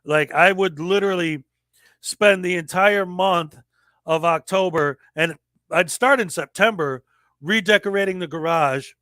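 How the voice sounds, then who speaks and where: A man in his forties hosting a livestream, telling a story in a lively casual way and acting out the people he quotes. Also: high-pitched, measured pace, dry recording. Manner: animated storyteller, acts out quoted voices. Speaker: livestream host.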